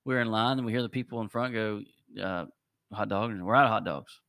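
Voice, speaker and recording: Teasing middle-aged podcast co-host. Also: male voice, on the low side, a little fast, fairly bright tone, dry recording, clean studio sound. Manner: storytelling, teasing, laughs. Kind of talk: casual sports chat.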